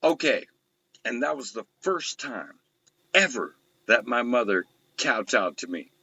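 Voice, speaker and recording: A man's voice: mid-range voice, big pitch swings, unhurried, pushed and bright, husky, no room sound, muffled recording. A man hosting a talk show, telling rambling stories in casual chat and swearing constantly. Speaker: show host.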